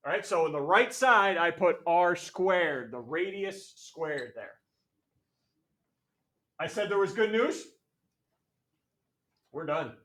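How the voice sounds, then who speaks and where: A male math teacher lecturing a classroom, energetic and jokey, calling on students by name. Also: on the high side. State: out of breath.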